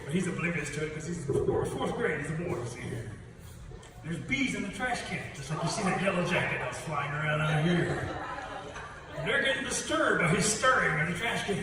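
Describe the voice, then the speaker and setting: A man telling stories to students in a lively way, chuckling at his own jokes and acting out the voices. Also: on the high side, fairly quick. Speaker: storyteller. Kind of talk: storytelling to students. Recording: echoey hall from far off, background noise.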